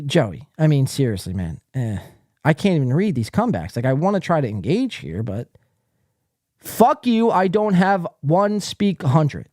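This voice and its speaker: Profane, taunting New podcast host. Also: male voice, sits high, no room sound, clean studio sound. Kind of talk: live stream rant reading chat.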